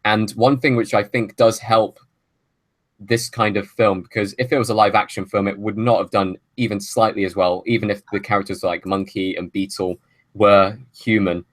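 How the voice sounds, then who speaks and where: A man's voice: on the low side, fairly even intonation, normal speed, no echo. A man hosting a film podcast, making long opinionated arguments in casual chat. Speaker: podcast host.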